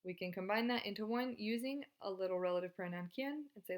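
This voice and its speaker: A woman's voice: mid-range voice, fast. A woman teaching a Spanish grammar video lesson in a casual, chatty and encouraging way.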